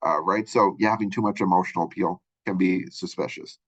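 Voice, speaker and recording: A man's voice: low-pitched, steady tone, a little fast, hardly any pauses, a bit bright, muffled recording. A male college instructor giving a recorded lecture, explaining in a rambling way with many fillers and restarts.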